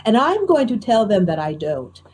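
A middle-aged woman with a faint New Jersey accent, a professional storyteller talking in a lively, self-deprecating way in an interview. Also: medium pitch, normal speed, breathy edge. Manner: animated, self-deprecating, tells anecdotes with quoted dialogue. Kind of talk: conversational interview.

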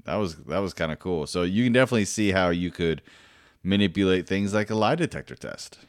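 Deep-voiced man rambling with fillers. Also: a little fast, clean tone, dry recording, clean studio sound. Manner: rambling, self-deprecating, lots of fillers and restarts, swears freely. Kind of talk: casual storytelling monologue.

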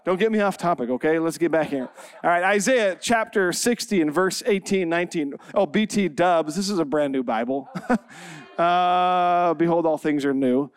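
This man, a pastor in his forties, opens with humorous self-deprecating storytelling and frequent laughter, then moves into scripture and prayer. He speaks at a moderate pace in a voice on the high side, clear and resonant. There's no room sound.

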